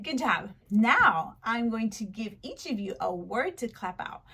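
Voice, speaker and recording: A woman with a high voice runs a pretend lesson for small children, cheerful and encouraging. She heaps on the praise and clearly speaks slowly for little listeners. Between segments she drops into candid, chatty talk with her viewers. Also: lively intonation, sharp tone. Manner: upbeat, encouraging, exaggerated praise. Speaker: teacher applying as online tutor. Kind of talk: mock lesson for young children.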